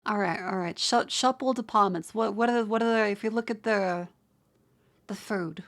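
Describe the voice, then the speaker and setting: A woman's voice: mid-range voice, moderate pace. A young Australian woman streaming live, chatting casually, exasperated and swearing as she rants at her chat.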